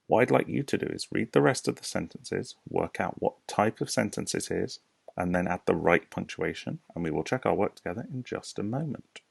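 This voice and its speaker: British male teacher, deep gravelly voice, dry close sound, patient lesson for little kids. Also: lively intonation, no echo. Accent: British English. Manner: slow, clear, patient explaining with rhetorical questions. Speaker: primary school teacher. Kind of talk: recorded home lesson for young children.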